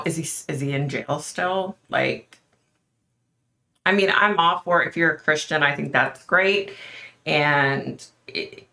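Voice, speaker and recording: A woman's voice: fairly low pitch, pushed and bright. A middle-aged woman hosting a casual livestream, chatting with viewers by name and talking with a skeptical edge. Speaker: livestream host.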